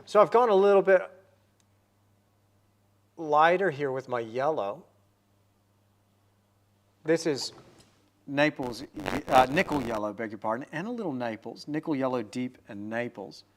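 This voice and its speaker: A man's voice: mid-range voice, lively intonation, a little slow, pauses often, a little hiss or hum. A man in his forties hosting a livestream, painting while chatting upbeat and answering viewer comments.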